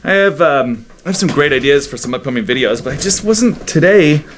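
A man's voice: fairly high pitch, animated, brisk, a little hiss or hum. A man vlogging casually from his home office, rambling and interrupting himself as he shows things off. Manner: rambling, chatty, self-interrupting. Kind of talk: casual unscripted vlog. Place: home office in a house in the woods. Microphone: desk microphone.

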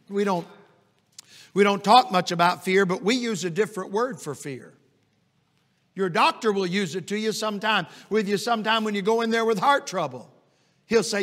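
A middle-aged evangelist preaches in a church sanctuary, his high, ringing voice carried on a long reverb. He tells folksy stories and builds to loud, emphatic peaks. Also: normal speed. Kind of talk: sermon.

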